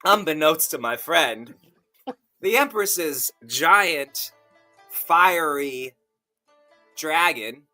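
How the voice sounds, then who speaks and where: A man, an author co-hosting a podcast, narrating an improvised story in first person in a measured, wry way. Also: mid-range voice, sharp tone.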